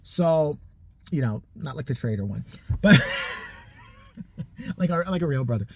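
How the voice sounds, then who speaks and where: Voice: mid-range voice, a little slow, gravelly, breathy edge. A tired person in their thirties telling a rambling, profane story in a casual vlog. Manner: profane, animated, tangent-prone. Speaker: storytime vlogger.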